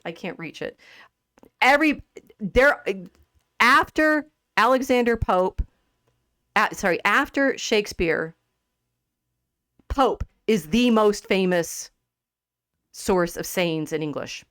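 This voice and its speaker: A woman hosting a podcast in a casual discussion about literature. She talks in an animated way, laughs often and restarts her sentences. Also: medium pitch, takes it slowly, long pauses, clean tone, no room sound, studio quality. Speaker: podcast host.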